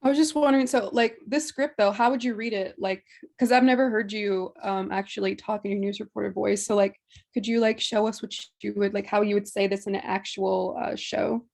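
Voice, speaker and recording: A woman's voice: medium pitch, fairly even intonation, a little fast, creaky, darkish tone. A woman on a video call asking a hesitant question, filling gaps with "like". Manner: hesitant, uses lots of "like". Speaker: writer in the meeting.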